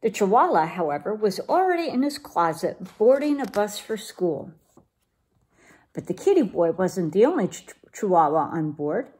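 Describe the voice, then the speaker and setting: A woman reads a children's picture book aloud with lively, expressive storytelling. Her voice is a little husky and sits fairly high, and her pitch rises and falls freely. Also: normal speed. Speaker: children's program leader.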